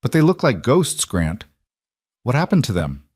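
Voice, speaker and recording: A man voicing a brisk, motherly Chinese cook in her fifties who scolds in clipped broken English. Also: medium pitch, sing-song, a little mellow, husky, no room sound, clean studio sound, pitched above the performer's own voice. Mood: bossy warm. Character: bustling motherly older Chinese cook woman.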